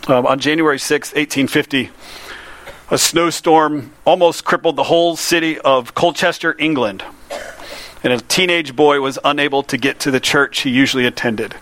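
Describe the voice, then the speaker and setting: A man's voice: a little high, fairly even intonation, moderate pace, a bit bright. A man preaching a sermon to a congregation in plain, earnest words, posing direct questions to his listeners. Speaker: pastor. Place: room before a congregation.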